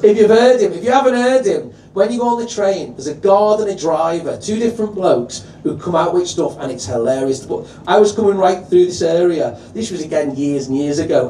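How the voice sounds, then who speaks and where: A man's voice: sits high, lively intonation, fairly quick, few pauses, warm tone, slight background noise. A man with a Liverpool accent compering a live stand-up set, swearing freely and teasing the crowd. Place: live comedy venue. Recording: echoey venue from a distance.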